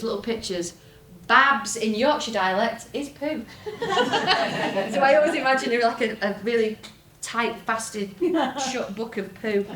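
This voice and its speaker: A young woman with a Lancashire accent gives a talk indoors at a folk festival venue, with wry, self-mocking humour and laughing asides. Her voice is on the high side, and the live-talk recording is echoey with a noisy background.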